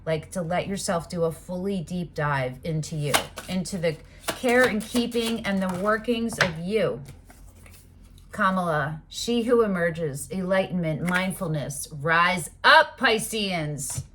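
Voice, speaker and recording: A woman with a lower-pitched voice gives a casual tarot reading. She talks animatedly and emphatically. Now and then she swears or breaks into loud outbursts. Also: measured pace, noisy background. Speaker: tarot reader.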